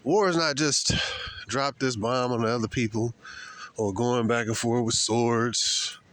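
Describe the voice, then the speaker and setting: A man vlogging outdoors, talking in a slangy, emphatic and preachy way while walking fast and breathing hard. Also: mid-range voice, fairly even intonation, fairly bright tone, dry recording. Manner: slangy, emphatic, repeats points. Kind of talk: casual preachy monologue. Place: outdoors on a walk.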